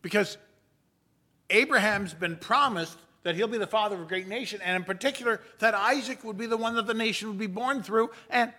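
A man preaching a sermon as a pastor, with a measured storytelling delivery and playful asides. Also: sits high, bright, forceful tone.

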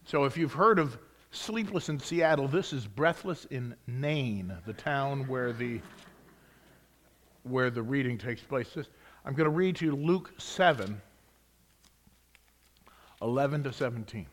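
A man preaching a sermon, swinging between loud emphasis and hushed whispers, reading scripture with rising excitement. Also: medium pitch, a little slow, long pauses.

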